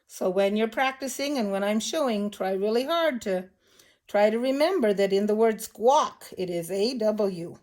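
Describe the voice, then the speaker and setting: An older woman teaching children phonics, slowly and patiently sounding out words and letters. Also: a little high, darkish tone.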